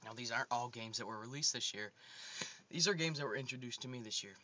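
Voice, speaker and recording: A man's voice: fast talker, pushed and bright. A man hosting a casual video game countdown video, rambling with frequent ums and restarts. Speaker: gaming video host. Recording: dull low-fi home recording with faint noise.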